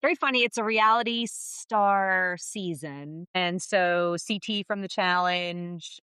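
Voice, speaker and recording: A woman's voice: fairly low pitch, slow pace, bright, forceful tone, smooth, dry recording. A woman co-hosting a podcast, chatting casually about reality TV, agreeable and trailing off mid-thought. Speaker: podcast co-host. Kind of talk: casual reality-TV recap chat.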